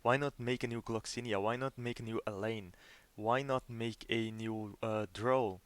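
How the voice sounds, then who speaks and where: A young man talks his way through a casual gaming commentary, sounding earnest and let down as a fan. He tacks "right?" onto his points and often stumbles into restarts. His voice sits at a middling pitch and the recording is dry and close, with no room sound. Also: fairly even intonation, normal speed, dry recording. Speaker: gaming video host.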